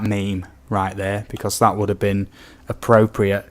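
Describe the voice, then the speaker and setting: A young UK man chats casually on his game stream in a fairly low, unhurried voice that barely moves in pitch. As a gaming streamer, he rambles while reading viewer comments aloud, with frequent ums and asides.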